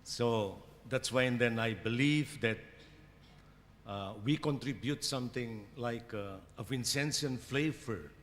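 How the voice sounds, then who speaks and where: A man's voice: medium pitch, unhurried, fairly bright tone, a little hiss or hum. A man with an Indonesian accent giving a conference lecture, hesitant with many fillers and restarts. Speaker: conference keynote speaker. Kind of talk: academic lecture. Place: conference hall. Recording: hall reverb with faint ambience.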